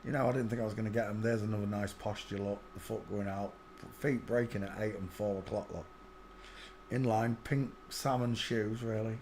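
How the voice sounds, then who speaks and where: A man giving casual, muttered running commentary as he looks over footage, often speaking softly under his breath. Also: on the low side, fairly even intonation, normal speed, slight background noise. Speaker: channel host.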